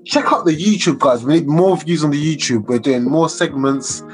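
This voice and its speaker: A man's voice: on the high side, moderate pace, faint music behind, poor audio. A man hosting a casual football podcast, laid-back and rambling with many fillers. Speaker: podcast host.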